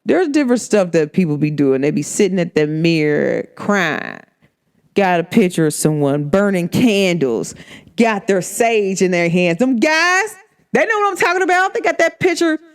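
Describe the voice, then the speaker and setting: A woman's voice: lowish voice, normal speed, clear, resonant tone. A woman hosting a podcast, talking casually and acting out the people in her stories. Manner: animated storytelling, acts out quoted people. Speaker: podcast host. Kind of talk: casual monologue.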